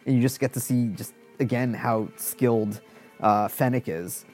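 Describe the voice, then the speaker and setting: A man's voice: medium pitch, normal speed, darkish tone, faint music behind. A man giving casual reaction commentary on a show, rambling with many restarts. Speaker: show reviewer.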